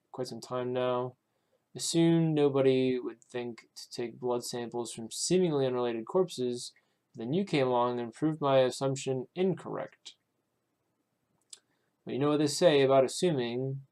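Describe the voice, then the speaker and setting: A man's voice: mid-range voice, measured pace, a little mellow, smooth, lightly acted. A man reading out the lines of a scheming male villain who gloats over his trapped victim, smug and taunting with small hesitations. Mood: smug gloating. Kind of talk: reading game dialogue aloud.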